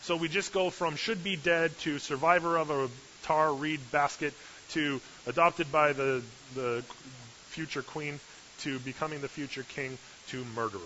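Forceful male preacher, joking sermon. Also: a little high, steady tone, moderate pace. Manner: humorous, sarcastic asides. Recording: dull lo-fi recording with hiss.

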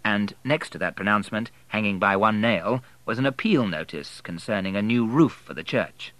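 A man narrating an audiobook in a measured, expressive way. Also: on the low side, no room sound, rough recording.

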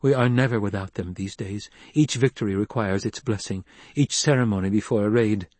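A man voicing a weary, sharp-tongued middle-aged mother in an audiobook reading. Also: lowish voice, brisk, no room sound, natural voice. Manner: weary and bitter.

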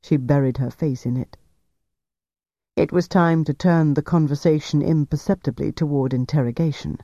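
A man narrates a novel in a measured, even voice. His tone is dark and mellow. The recording is dry and close, with a dull, lo-fi edge. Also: a little high, no echo. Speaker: audiobook narrator.

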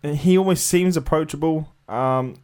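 A man's voice: on the high side, unhurried, darkish tone. A young man co-hosting a casual podcast, hesitant and full of ums and restarts. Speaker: podcast co-host. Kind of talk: casual chat.

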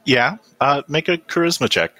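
A man narrating and running a tabletop role-playing game, easygoing and halting, with many fillers. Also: a little high, animated, pushed and bright, no echo. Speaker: game master.

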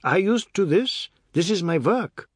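A man's voice: high-pitched, animated, measured pace, no echo, studio quality, pitched above the performer's own voice. A man doing a brash, boastful warden. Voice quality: boastful, pushy. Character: brash loud male city asylum warden.

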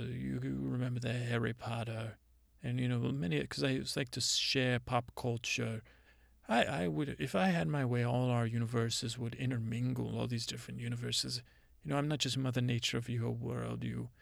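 The sound is clean studio audio with no echo, capturing a man's medium-pitched voice with vocal fry. In improvised comedy, he becomes a rambling, self-important female Mother Nature spirit telling stories haltingly and deadpan.

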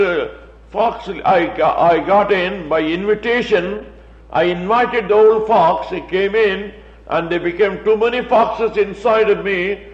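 Male preacher, repetitive and emphatic, echoey muffled recording. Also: high voice. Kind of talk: sermon. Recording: dull, echoey room sound.

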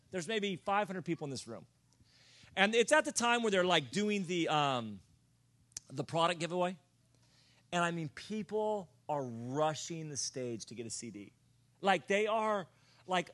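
A man with a high, bright-toned voice preaches to a room. He tells self-mocking stories in an animated way and breaks into loud comic shouts. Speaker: pastor. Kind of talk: sermon storytelling. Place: church or conference room.

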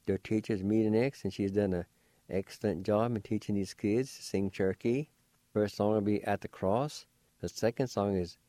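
Male radio host, announcing, low mellow voice, dry sound. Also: fairly even intonation, moderate pace, dry recording. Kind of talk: program announcement.

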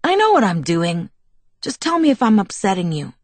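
A woman's voice: mid-range voice, huge pitch swings, moderate pace, a little mellow, dry recording. A woman voicing an earnest, protective young man in an audiobook, speaking with impassioned, pleading intensity. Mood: coaxing. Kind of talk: audiobook character voice.

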